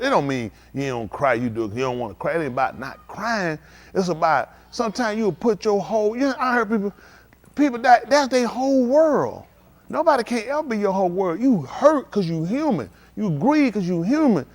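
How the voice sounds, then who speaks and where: A man preaching a live-streamed sermon at a synagogue service, in a folksy, conversational way, asking the congregation questions and now and then breaking into loud outbursts. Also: high voice.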